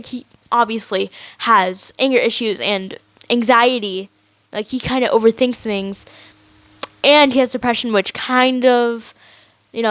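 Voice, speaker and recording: A woman's voice: fairly high pitch, a bit bright, dry recording. A teenage girl ranting casually to camera as a vlogger, rambling with many likes and restarts.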